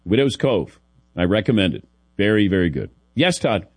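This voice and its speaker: A man's voice: on the low side, big pitch swings, moderate pace, slightly rough. This is a Midwestern man hosting a sports radio show, and his voice rises and falls a lot as he talks. He tells his stories with a wry, self-mocking edge. The sound is dry and close, with no room echo. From American Midwest. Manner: wry, self-deprecating storyteller who laughs often. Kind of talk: casual sports radio banter.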